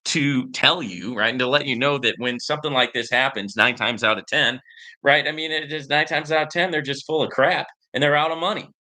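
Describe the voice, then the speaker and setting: A man hosting a laid-back stream and answering viewers' questions in a loose, rambling way. His voice is very bright and cutting, and his pitch is ordinary for a man. He restarts his sentences and keeps checking in with "right?". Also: fairly quick. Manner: rambling, many fillers and "right?" tags. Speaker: livestream host. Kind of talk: casual chat answering viewer comments.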